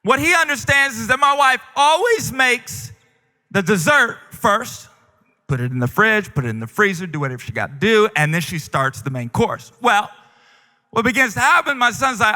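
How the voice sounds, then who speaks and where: A male pastor preaching a sermon in a large church, telling stories in an animated, humorous way. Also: sits high, moderate pace. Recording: long reverb of a large church hall.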